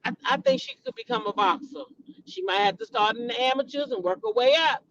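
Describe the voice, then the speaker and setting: Animated gossip-show woman, lively pitch. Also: fairly quick, dull audio, slight background noise. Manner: animated, chatty, addresses viewers as y'all, frequent swearing. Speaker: celebrity gossip show host. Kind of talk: casual gossip commentary to viewers.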